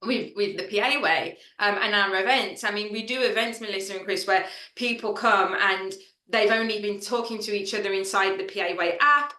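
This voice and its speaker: Bright chatty woman, echoey room. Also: mid-range voice, moderate pace. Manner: chatty, many fillers, emotional storytelling. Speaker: founder of an assistant network, fireside chat guest. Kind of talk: casual storytelling in a fireside chat.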